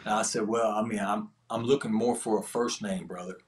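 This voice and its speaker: A man's voice: on the low side, steady tone, fairly quick. A man, a podcast guest telling an earnest testimony story in casual, slangy speech. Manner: earnest, slangy prison storytelling with quoted dialogue.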